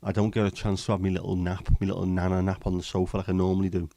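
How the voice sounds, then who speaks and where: A man hosting a relaxed livestream, rambling between jokes and greetings to viewers. His voice sits very low with a dark, mellow tone. He talks in a flat, even line. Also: very fast, vocal fry, dry recording. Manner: rambling, jokey, chatting to viewers. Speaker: livestream host. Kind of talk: casual livestream chat.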